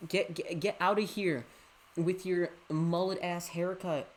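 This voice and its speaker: A young woman streaming a horror game live, joking and reacting with excitable, quick commentary. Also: fairly low pitch.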